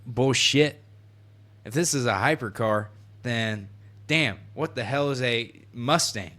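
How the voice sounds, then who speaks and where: Man, 19, podcast co-host, casual and profane, acts out quotes, mid pitch. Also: slow, fairly bright tone. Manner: laughing, swearing, acting out quotes. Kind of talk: casual chat.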